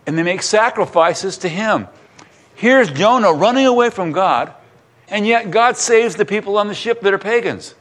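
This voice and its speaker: A man delivers a sermon, retelling scripture in an animated storytelling manner. He slips into different voices for the characters as he goes. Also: sits high, moderate pace. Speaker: pastor.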